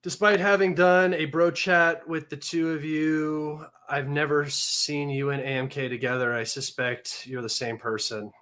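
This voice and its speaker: Sarcastic, fast-talking man on a livestream. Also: fairly high pitch. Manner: mocking, sarcastic, combative; excitable, manic. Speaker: livestream host. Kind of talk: casual livestream commentary.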